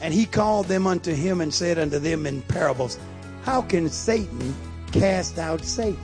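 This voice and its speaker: A man preaching a fervent sermon, shouting at the peaks and dropping low to teach. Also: animated, moderate pace, over music.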